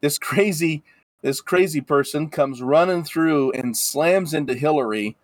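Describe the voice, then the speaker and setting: A man narrates as game master of a tabletop game, wandering through his sentences with restarts. His voice sits fairly high, recorded dry and close. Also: a little slow, no echo, rough recording. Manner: rambling, full of restarts.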